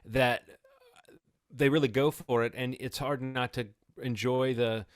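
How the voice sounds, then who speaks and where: A man's voice: mid-range voice, steady tone, a little slow, dry recording. Reflective man in his forties, dry sound. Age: 40s. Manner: thoughtful, reflective, many restarts. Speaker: podcast co-host. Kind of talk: casual film review chat.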